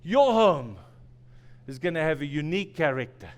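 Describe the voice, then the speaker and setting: High-voiced preacher in a reverberant church. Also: male voice, sing-song, normal speed. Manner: storytelling, self-deprecating humor, repeats phrases for emphasis. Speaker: pastor. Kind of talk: sermon. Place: church sanctuary.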